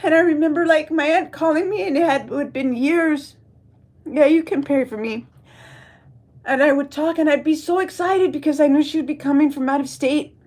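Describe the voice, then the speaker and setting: A woman's voice: sits high, moderate pace, a little mellow. A woman from Texas talking to viewers on a livestream, rambling and emotional, reading and answering the chat as she goes. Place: at home.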